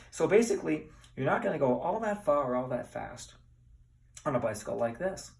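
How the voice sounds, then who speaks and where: His voice runs on the high side, very animated, fairly quick and gravelly, captured by a distant mic. This middle-aged man demonstrates on a bike in an echoey indoor room, playfully chatting and putting questions to his class.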